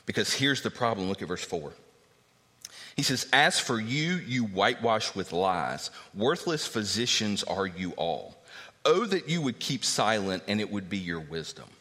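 A man preaching a sermon in a conversational, animated way, acting out quoted voices as he teaches. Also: lowish voice, unhurried. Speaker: pastor. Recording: long hall reverb.

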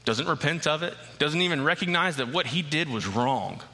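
A man's voice: a little high, lively intonation, moderate pace, sharp tone. A man preaching a sermon, retelling a scripture story with building passion. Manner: storytelling, rising to impassioned intensity. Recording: long reverb of a large hall.

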